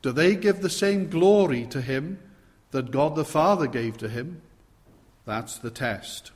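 A man's voice: on the high side, lively intonation, a little slow. A man preaching an expository sermon, stressing key words with sudden swells in volume. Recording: long hall reverb.

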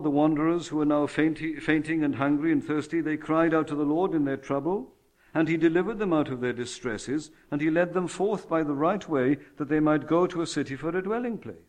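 A man preaching a sermon, alternating loud proclamations with slow, hushed, tender passages and emphatic repetition. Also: on the high side.

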